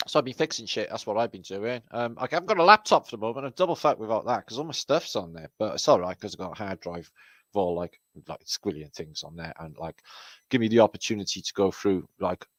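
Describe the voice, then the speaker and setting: A man's voice: lowish voice, no room sound. A British man hosting a casual livestream, rambling and sardonic, swearing constantly as he reads out viewer comments. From Britain. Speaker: livestream host. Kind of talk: casual live chat reading viewer comments.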